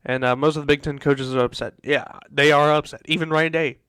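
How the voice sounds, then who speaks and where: A man's voice: on the high side, fairly even intonation, fairly quick, a bit bright, clean tone, no room sound. A man hosting a casual sports talk show, ranting in exasperation and repeating himself. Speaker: host.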